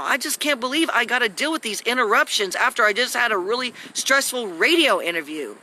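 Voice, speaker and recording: Agitated woman with a sharp tense voice. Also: a little high, expressive, brisk, hardly any pauses, slight background noise. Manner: agitated, scolding, talks in long rambling runs. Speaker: vlogger on a live video. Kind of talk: rambling live video monologue.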